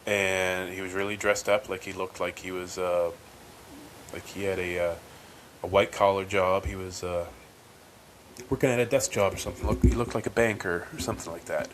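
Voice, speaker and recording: Rambling low-voiced man, podcast host. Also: level tone, moderate pace, low-quality recording. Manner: rambling, many ums and restarts. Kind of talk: casual storytelling monologue. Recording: faint background noise.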